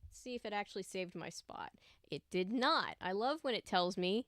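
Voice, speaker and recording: Young woman, casual livestream host, chatty, greets viewers, smooth crisp voice, dry close sound. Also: lowish voice, moderate pace, fairly bright tone, dry recording.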